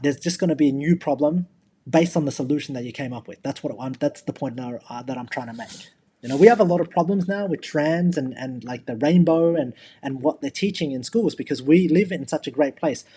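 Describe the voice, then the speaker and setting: A man's voice: a little high, a little fast, dark tone, a little hiss or hum. A young man co-hosting a podcast, talking bluntly and emphatically in casual chat, swearing freely. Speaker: podcast co-host.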